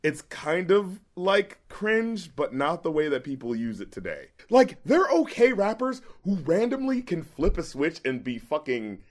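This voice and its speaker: A man with a slightly high voice hosts a casual podcast about rap records. He talks in an animated way, swearing freely and slipping into quick voices to act out lyrics. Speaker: podcast host and rap critic.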